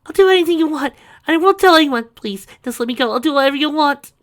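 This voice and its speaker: A man voicing a terrified kidnapped young girl in a high, breathy falsetto, begging. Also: expressive, fast talker, a bit bright.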